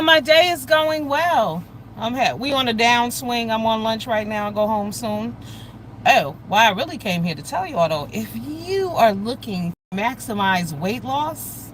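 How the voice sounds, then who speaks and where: Talking straight to her viewers, this American livestream host has a slightly high voice. She gossips bluntly and with plenty of profanity at a lively pace, and traffic hums faintly behind her.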